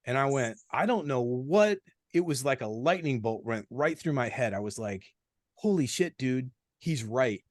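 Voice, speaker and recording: A man in his forties, a podcast guest, telling stories in a blunt, animated way with plenty of swearing. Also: medium pitch, moderate pace, dry recording, studio quality. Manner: blunt, profane, animated storytelling. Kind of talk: casual storytelling.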